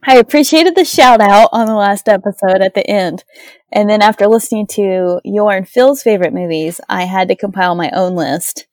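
A talkative woman guesting on a casual podcast, teasing her friends as she chats. Her voice sits at a middle pitch and sounds dry and close, with little room sound. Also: normal speed, darkish tone, dry recording.

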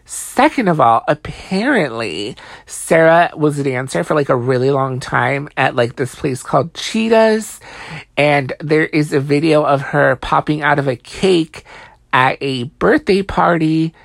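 A woman's voice: deep voice, expressive, measured pace, gravelly, dry recording. A young woman recapping a reality show in a tired, casual, sassy way, full of swearing and filler "like"s. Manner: chatty, profane, heavy use of "like", sassy asides. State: tired, late at night.

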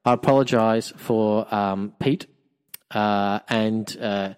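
A man's voice: on the low side, fairly even intonation, slow pace, smooth. A man co-hosting a casual chat podcast, rambling and joking and often repeating himself. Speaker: podcast co-host.

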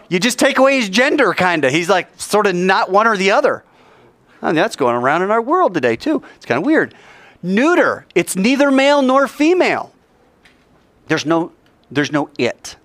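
Animated man teaching the Bible. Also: high-pitched, no room sound. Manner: animated, acts out mock dialogues, jokey asides.

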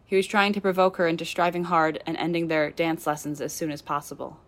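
A woman reading a novel aloud in steady storytelling narration. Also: low voice, brisk. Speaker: audiobook reader. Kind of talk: scripted narration of a fan novel.

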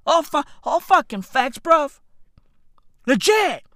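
High-voiced woman, slow profane comic rant with shouted bursts, bright lively delivery. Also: dry recording, studio quality. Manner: slang-heavy, swearing, bursts of shouting.

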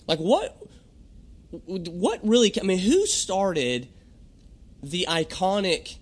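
A young adult man hosting a podcast, talking in a rambling, jokey monologue and often clearing his throat. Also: high-pitched, huge pitch swings, slow pace, long pauses. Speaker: podcast host. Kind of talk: casual comedic monologue.

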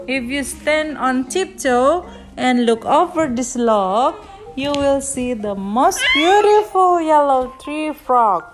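A woman's voice: sits high, animated, slow. A woman voicing a fussy, oblivious female schoolteacher in a storybook, sweet and patronizing. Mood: calm.

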